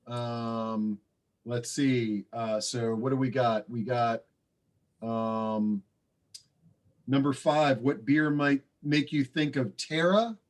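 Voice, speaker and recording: Speaking slowly with fairly even intonation and a medium pitch, this man hosts casually on a video call. As co-host of an online party, he handles the slideshow and quiz, reading the answers in a friendly, hesitant way with plenty of fillers.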